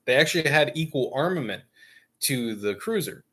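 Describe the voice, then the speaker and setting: Guy on a gaming stream rambling thru a story, bright voice, laughs a lot. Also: medium pitch, lively intonation, normal speed. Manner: rambling storyteller, laughs often, jokey asides. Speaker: stream host. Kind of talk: casual chat.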